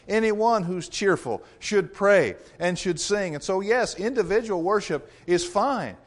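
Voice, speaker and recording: A man preaching a sermon in an earnest, measured way, repeating phrases for emphasis. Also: on the high side.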